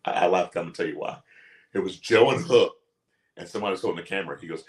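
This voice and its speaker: A man's voice: deep voice, quick pace. A man co-hosting a casual wrestling chat show, telling stories with lots of energy, acting out quotes and laughing often. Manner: animated storyteller, acts out quotes, laughs often. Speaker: podcast co-host.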